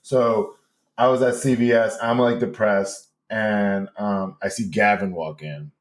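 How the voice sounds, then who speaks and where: A man with a New York accent, a podcast guest telling a story loudly and campily, laughing often. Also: lowish voice, steady tone, unhurried. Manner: loud, campy, laughs often. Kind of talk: animated storytelling.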